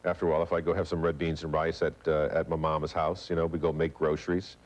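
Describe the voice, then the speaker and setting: A low-voiced man from New Orleans who tells stories fast and chattily, in a trained standard American accent. He's a guest on a late-night talk show, heard through dull, muffled broadcast audio. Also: level tone. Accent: General American, trained out of a New Orleans accent. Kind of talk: casual chat on late-night TV.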